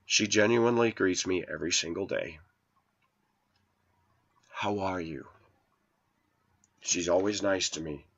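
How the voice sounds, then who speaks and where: Man in his forties, low voice, indignant preachy vlog monologue, dull lo-fi sound. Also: fairly bright tone. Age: 40s. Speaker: vlogger. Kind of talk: rambling personal monologue.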